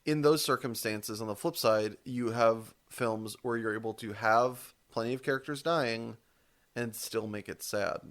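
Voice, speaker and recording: A man's voice: mid-range voice, unhurried, fairly bright tone. A man co-hosting a podcast in casual chat, rambling and correcting himself as he goes, with the odd casual swear. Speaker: podcast co-host.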